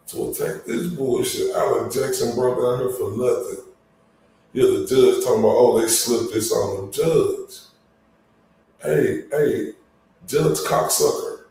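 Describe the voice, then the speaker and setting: A man's voice: mid-range voice, creaky, warm tone. A man giving angry commentary, cursing heavily and drawn out in his complaints. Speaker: online commentator. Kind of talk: profane ranting commentary. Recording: very echoey room, far from mic, faint noise.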